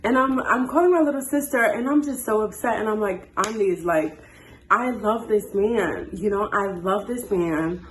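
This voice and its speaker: A woman in her twenties telling a dating story in a casual, animated way and acting out the dialogue. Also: mid-range voice, moderate pace, slight background noise. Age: 20s. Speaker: storytime host. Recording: echoey room.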